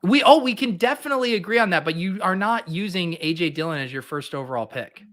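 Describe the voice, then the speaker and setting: Man, high voice, bright tone, teasing podcast host. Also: expressive, fast talker. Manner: playful, teasing, crude jokes. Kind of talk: casual chat.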